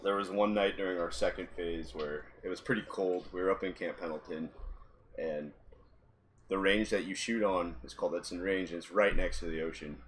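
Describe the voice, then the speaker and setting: A man's voice: low voice, fairly even intonation, moderate pace, slight background noise. A man, a podcast guest, casually telling anecdotes in an easygoing way and laughing often. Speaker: podcast guest, former Marine. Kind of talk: casual storytelling.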